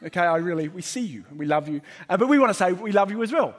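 Brief: middle-aged man, pastor, friendly rambling sermon, light high voice. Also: lively intonation, fast talker. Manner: chatty, joking, many fillers.

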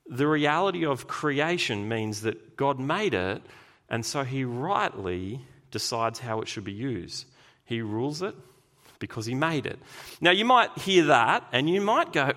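A man preaching a sermon as pastor, lively and emphatic, with sudden loud bursts. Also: medium pitch.

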